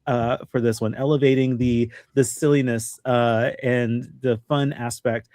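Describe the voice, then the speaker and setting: A man hosts a relaxed film podcast, feeling his way through each point with plenty of fillers and false starts. His voice sits at an ordinary middle pitch, and the sound is dry with no room echo. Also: unhurried. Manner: hesitant, many ums and restarts. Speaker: podcast host. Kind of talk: casual film discussion.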